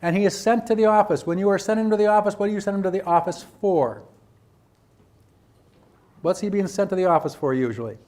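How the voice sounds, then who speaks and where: Male trainer, high voice, lecturing teachers with animated role-play asides. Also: brisk, long pauses. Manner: animated, acts out teachers and students, rhetorical questions. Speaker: presenter at a teacher training workshop. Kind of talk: lecture to educators.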